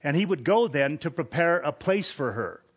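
A man's voice: a little high, very animated, normal speed, slightly rough. A man preaching a sermon from scripture in an earnest, emphatic way, lifting his voice on key points. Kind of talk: expository sermon.

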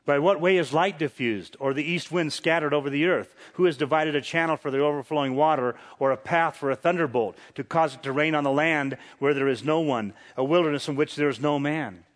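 A man's voice: on the high side, a little fast, hardly any pauses. A man preaching a sermon, reading scripture dramatically and pressing rhetorical questions with chuckles. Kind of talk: sermon, Bible exposition.

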